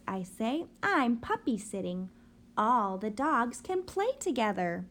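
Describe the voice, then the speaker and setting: Lively woman reading a picture book. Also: mid-range voice, measured pace, background noise. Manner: lively, expressive storytelling with sing-song emphasis. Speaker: reader of a children's book.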